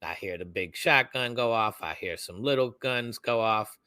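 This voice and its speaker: A young man co-hosting a podcast, telling a story in a casual, animated way. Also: lowish voice, moderate pace, clean tone, dry recording. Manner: animated, acts out quoted voices. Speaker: podcast co-host.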